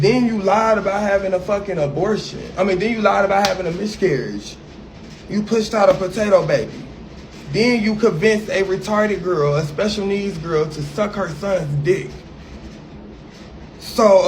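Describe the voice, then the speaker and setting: Brash, high-voiced ranting man. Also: a little hiss or hum. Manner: brash, profane, sassy. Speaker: livestreamer. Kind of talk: ranting livestream.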